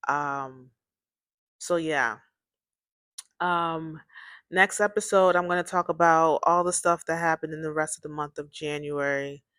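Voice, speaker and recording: A woman's voice: low-pitched, fairly even intonation, a little slow, pauses often, a bit bright, clear, resonant tone, no room sound, clean studio sound. A woman hosting her own series, telling a personal story in a casual, rambling way, repeating herself and talking to listeners as "y'all.".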